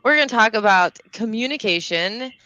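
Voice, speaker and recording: A woman's voice: on the high side, expressive, bright, forceful tone, no room sound, dull audio. A woman with a Southern US accent, co-hosting a casual chat in a rambling, laughing way. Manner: chatty, rambling, quick to laugh. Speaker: co-host.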